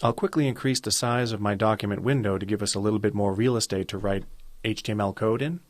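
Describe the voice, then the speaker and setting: Man, lowish voice, calm methodical instructor, coding tutorial, dry close mic. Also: fast, dry recording. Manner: calm, methodical, step-by-step explaining. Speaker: web design instructor. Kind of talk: screen-recorded coding tutorial.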